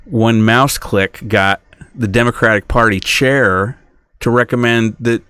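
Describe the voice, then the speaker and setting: Slow-talking aggrieved man. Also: mid-range voice, sharp tone, clear, resonant tone, no echo. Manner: rambling, self-interrupting, aggrieved. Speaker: podcast host. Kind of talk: casual solo monologue.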